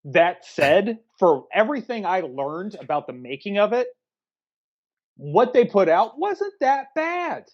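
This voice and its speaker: A man's voice: high-pitched, very animated, unhurried. Blunt swearing man on a muffled mic. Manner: blunt, profane, enthusiastic. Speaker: podcast co-host, film reviewer. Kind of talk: casual chat.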